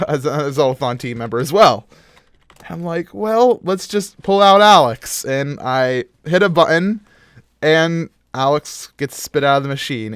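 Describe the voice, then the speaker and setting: A man's voice: medium pitch, no room sound. A young man hosting a gaming show, casually telling a strange dream while he plays, laughing and full of fillers. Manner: animated, laughing storyteller with frequent fillers. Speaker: gaming video host. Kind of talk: casual storytelling while playing a game.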